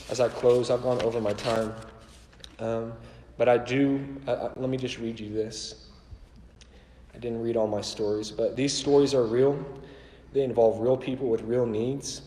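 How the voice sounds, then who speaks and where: A man's voice: mid-range voice, steady tone, moderate pace, warm tone, a little hiss or hum. A man who works in a church ministry tells stories in a conversational, self-deprecating way, with many fillers like "like" and "um". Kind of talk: storytelling church talk. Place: church auditorium. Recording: echoey hall with long reverb.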